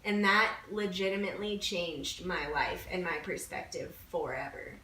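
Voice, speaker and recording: A woman's voice: fairly low pitch, moderate pace, sharp tone. A woman guest on a podcast, talking casually and telling a personal story with many "like" fillers. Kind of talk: casual conversation. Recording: roomy echo, distant mic, faint background noise.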